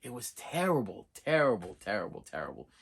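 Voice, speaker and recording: A middle-aged man rambles through a story for his video channel, circling back and repeating phrases as he goes. His voice is husky with a bright, edgy tone, and his pitch swings widely from low grumbles to high exclamations. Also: brisk. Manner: animated, repetitive storytelling with restarts. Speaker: movie collector vlogger. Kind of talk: rambling casual monologue.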